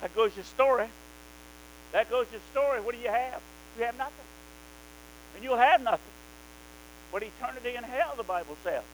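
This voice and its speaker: Guy preaching hard, high-pitched and fired up, little electrical hum in the recording. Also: lively intonation, moderate pace, pauses often, low-quality recording. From American South. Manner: fervent, emphatic, rising to loud exhortation. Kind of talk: sermon.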